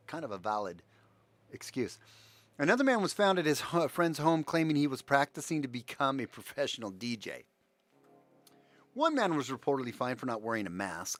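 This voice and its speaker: A man's voice: mid-range voice, a bit bright, no echo. Brief: sarcastic male livestream host, mocking and rambling, voice rising and falling a lot. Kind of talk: sarcastic commentary rant.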